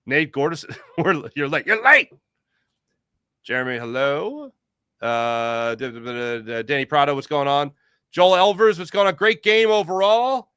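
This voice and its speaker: A man's voice: a little high, normal speed, clean tone, no room sound, studio quality. A man hosting a casual sports podcast livestream and reading out the chat with jokey, rambling energy. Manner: animated, jokey, rambling with restarts.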